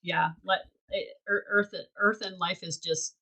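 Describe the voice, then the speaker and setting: Woman co-host, lowish voice, reflective coaching chat, halting restarts. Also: steady tone, sharp tone, poor audio. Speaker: podcast co-host. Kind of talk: casual chat.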